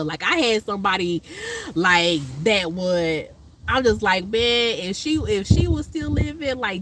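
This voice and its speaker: A woman speaks, at an ordinary middle pitch, in rambling casual storytelling full of fillers. Now and then she jumps high and loud to mimic someone she is quoting. A faint noise sits behind her voice. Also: poor audio. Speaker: vlogger.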